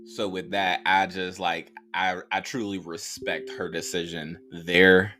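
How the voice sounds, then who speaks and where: A man's voice: deep voice, flat delivery, a little slow, pushed and bright, faint music behind. A man co-hosting a casual horror movie podcast, talking bluntly with lots of slang. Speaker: podcast co-host. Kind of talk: casual movie review chat.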